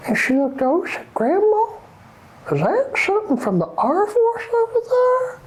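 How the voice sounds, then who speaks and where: A woman playing an excitable old grandmother who tells a rambling, breathless story. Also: extremely high pitch, moderate pace, heavily acted. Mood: excited. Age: older.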